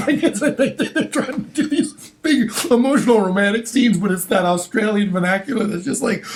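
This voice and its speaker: Animated high-voiced man, gravelly. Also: fairly quick. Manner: animated storyteller, loud laughing outbursts. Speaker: podcast co-host. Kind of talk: casual chat.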